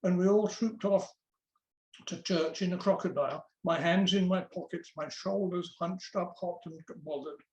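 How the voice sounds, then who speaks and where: A guest reader reads a memoir aloud in an easy, conversational storytelling manner. The voice sits at a middle pitch. The room adds a noticeable echo. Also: moderate pace, highs cut off. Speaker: guest reader at book launch.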